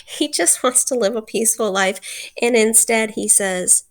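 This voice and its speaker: A woman's voice: a little high, unhurried. A woman teacher retelling and explaining a novel chapter in a chatty way, with lots of fillers and bits of acted-out dialogue.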